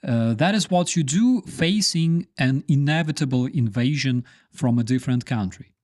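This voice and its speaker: A man with a Ukrainian accent giving political commentary in non-native English. His pitch swings widely as he makes his points. He speaks emphatically, with biting sarcasm and frequent fillers. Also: expressive, moderate pace, a little mellow, dry recording, clean studio sound. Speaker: YouTube commentator.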